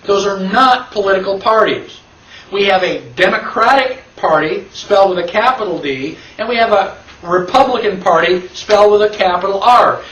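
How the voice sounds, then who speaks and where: A man's voice: sits high, fairly bright tone. A man teaching a constitution class. He lectures emphatically and fires rhetorical questions at the class. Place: classroom with an audience. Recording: echoey room, mic at a distance.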